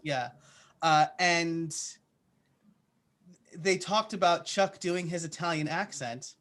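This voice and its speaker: A man's voice: on the high side, slow, fairly bright tone. A man answering interview questions in a casual, chatty way, with plenty of "uh" and "like" fillers. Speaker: podcaster guest.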